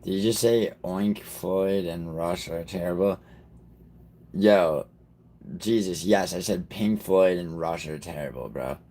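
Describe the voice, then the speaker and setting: A man's voice: sits low, slow, dark tone. A man hosting a livestream in a rambling, profane way, talking straight to his chat. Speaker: livestream host. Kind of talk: casual livestream chat with viewers.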